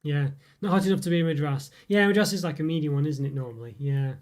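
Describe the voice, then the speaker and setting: He's a fast talker with a somewhat high, slightly mellow voice, hosting a laid-back snack review stream. Reading comments from viewers, he wanders off with plenty of fillers and chuckles.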